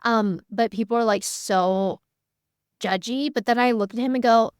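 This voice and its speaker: A woman's voice: on the high side, steady tone, moderate pace, clean tone, dry recording, studio quality. A young woman hosting an online workshop for creators, talking in a candid, chatty way with lots of "like" fillers. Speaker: workshop host. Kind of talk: casual workshop talk.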